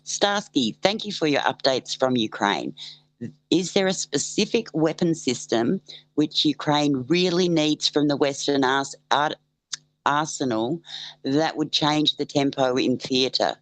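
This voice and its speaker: A show host reads viewer messages aloud in a relaxed, casual way. The voice sits at an ordinary pitch, recorded dry and close. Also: measured pace, no room sound. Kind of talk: casual chat.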